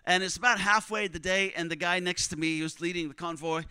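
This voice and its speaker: Bright, animated male preacher. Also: sits high, brisk, clear, resonant tone, no room sound. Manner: animated, conversational, acts out quotes. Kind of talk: sermon storytelling.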